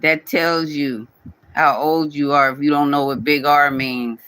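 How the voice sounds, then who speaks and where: A man rants at a commenter on his own channel. He talks in a repetitive, scolding way. His voice is bright and slightly high, recorded close and dry with no room sound. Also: steady tone, unhurried, clean tone, no echo, poor audio. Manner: scolding, repetitive, speaks directly to viewer. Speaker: channel owner addressing a commenter. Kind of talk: casual scolding vlog rant.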